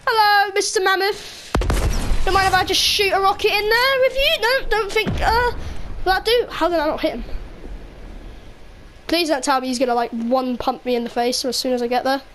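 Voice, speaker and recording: A woman giving excitable, cheeky live commentary over a game she is playing. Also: very high voice, normal speed, slight background noise. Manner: excitable, cheeky banter with other players. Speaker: gaming video creator.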